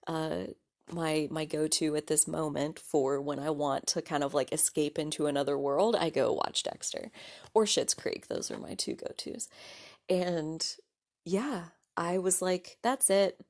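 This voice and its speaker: A young adult woman hosting her own podcast, telling a personal story in a casual, animated way, full of likes, restarts, laughs and swearing. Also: low-pitched, a little slow. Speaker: podcast host.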